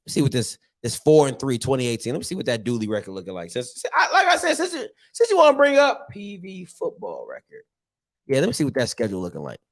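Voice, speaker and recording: A man hosting his own show, ranting casually about sports in an animated, repetitive and mocking way. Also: fairly high pitch. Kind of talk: casual sports rant to camera.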